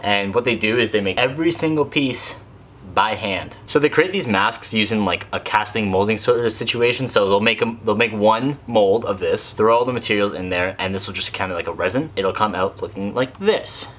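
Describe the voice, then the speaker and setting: Chatty guy, lowish voice. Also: a bit bright. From Canada. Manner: chatty, rambling, lots of "like" fillers. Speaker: cosplay vlogger reviewing a mask. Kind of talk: casual product review.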